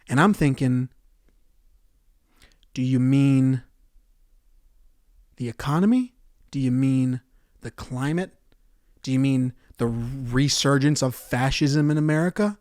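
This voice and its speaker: A man hosting a comedy podcast, delivering a profane ranting monologue that swings between loud outbursts and muttered asides. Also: medium pitch, a little slow, long pauses, no room sound, studio quality.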